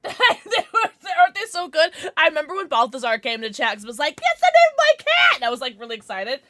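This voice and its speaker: A woman livestreamer chatting casually and thanking subscribers, excitable, giggly and often apologetic. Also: sits high, fast.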